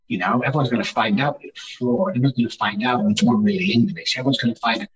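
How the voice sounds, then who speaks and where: A man speaks with insistent emphasis, circling back to the same phrase to drive each point home. His voice sounds set back from the microphone and comes through dull and muffled, like a remote call. He talks at an ordinary middle pitch. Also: fast talker, few pauses. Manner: emphatic, repeats phrases for effect. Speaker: guest, addiction recovery speaker. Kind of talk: conversational interview storytelling. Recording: distant, muffled remote audio.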